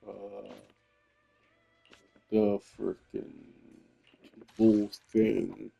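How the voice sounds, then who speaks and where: Slow gravelly-voiced man gaming. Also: lowish voice, little pitch movement, warm tone, faint music behind. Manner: rambling, hesitant, with many fillers. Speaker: gamer streamer. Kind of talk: casual let's-play commentary.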